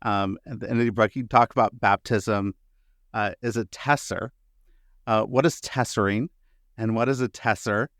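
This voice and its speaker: A friendly male podcast host who chats and asks his questions in an easygoing way, with plenty of uhs and ums. His voice is on the low side and sounds dry and close to the mic. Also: moderate pace, no echo. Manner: relaxed, friendly, with fillers like uh and um. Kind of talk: casual interview conversation.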